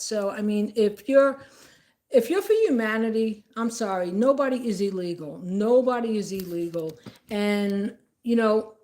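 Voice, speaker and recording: A woman's voice: medium pitch, dark tone. A woman telling a story in a rambling, tangential, indignant way. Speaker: vlogger. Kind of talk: casual storytelling.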